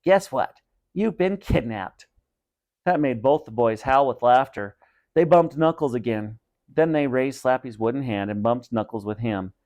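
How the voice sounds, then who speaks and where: A man, a teacher, reading a storybook aloud with expressive narration. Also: medium pitch, normal speed.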